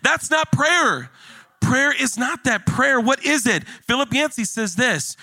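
A man preaching a sermon in a church, animated and jokey, building emphasis as he goes. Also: very high voice, slow pace, no echo. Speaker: pastor.

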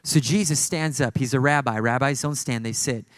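A man's voice: mid-range voice, normal speed, no echo. Guy preaching hard, emphatic, repeats himself for effect, dry close sound. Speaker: pastor. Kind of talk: sermon.

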